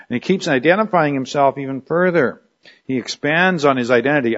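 A man's voice: mid-range voice, expressive, a little fast, fairly bright tone, dull audio. A man teaching a Bible study lecture, explaining a passage in a conversational way with frequent fillers and restarts. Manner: uses a drawing tool on screen while teaching.

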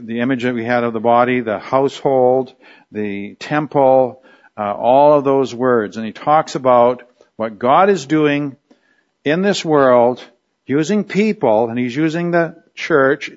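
A man's voice: medium pitch, muffled recording. A man teaching a Bible study lecture, explaining a passage in a conversational way with frequent fillers and restarts. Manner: uses a drawing tool on screen while teaching.

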